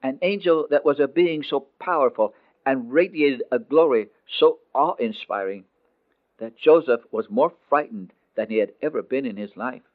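A man narrating a dramatic story in a scripted, expressive way, slowing down on emotional phrases. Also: medium pitch. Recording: tinny phone-like dry recording.

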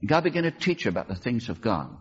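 Animated storytelling pastor, husky lo-fi. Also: male voice, quick pace. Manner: dramatic, acts out quoted voices with big pitch swings. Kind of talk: sermon storytelling.

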